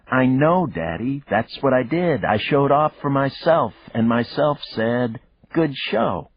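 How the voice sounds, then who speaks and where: A man's voice: mid-range voice, lively intonation, slow pace, breathy edge, no room sound, pitched above the performer's own voice, full character voice. A man voicing a cute, playful young girl in an audiobook, in a sing-song, teasing way. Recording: dull lo-fi dry recording.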